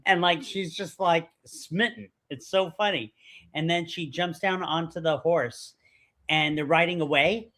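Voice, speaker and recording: A man co-hosting a casual movie podcast, animated and joking as he shares trivia. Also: a little high, a little slow. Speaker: podcast co-host.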